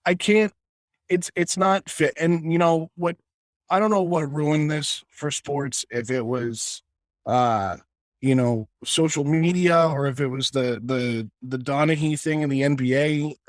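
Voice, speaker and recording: A man's voice: on the high side, a little slow, no echo. A man co-hosting a casual sports podcast, ranting with passion and stumbling over restarts as he argues his point. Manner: impassioned, ranting, many restarts. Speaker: podcast co-host.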